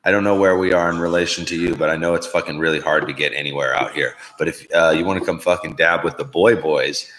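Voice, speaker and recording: A man's voice: extremely low pitch, steady tone, fast, hardly any pauses, fairly bright tone, poor audio. A man hosting a live-stream show, chatting casually in a profane, rambling, jokey way. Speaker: podcast host.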